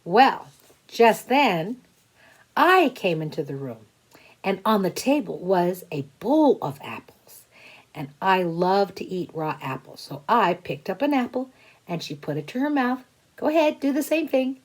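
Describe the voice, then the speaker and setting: A woman teacher tells a silly story to young children. Her speech is slow and deliberate, and her pitch rises and falls in a lively, expressive way. She invites the little listeners to join in.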